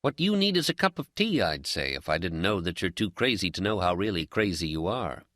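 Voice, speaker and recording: A man reading an audiobook and voicing a calm, teasing male friend who is a pipe smoker with a Zen streak. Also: deep voice, no echo. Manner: teasing, dry, unhurried. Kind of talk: audiobook character dialogue.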